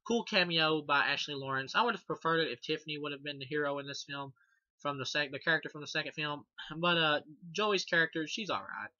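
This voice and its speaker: A man's voice: a little high, a little fast, pushed and bright, no room sound. A man reviewing a horror movie in casual, rambling talk, swearing a lot and laughing at the film. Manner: rambling and profane, many fillers and restarts. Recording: dull, dry lo-fi sound.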